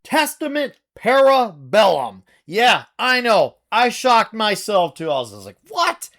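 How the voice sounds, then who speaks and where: A man reviewing his favorite metal albums in a casual vlog, talking in an excitable, gushing way with sudden outbursts and casual swearing. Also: sits high, a little slow.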